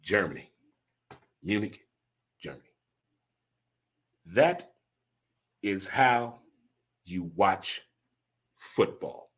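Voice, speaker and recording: A man's voice: sits low, animated, very slow, pauses often, slightly rough. A man hosting his own podcast, riffing in a folksy, catchphrase-heavy way and talking straight to his listeners. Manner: folksy, repeats catchphrases, addresses listeners directly. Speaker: podcast host. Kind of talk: casual talk show monologue.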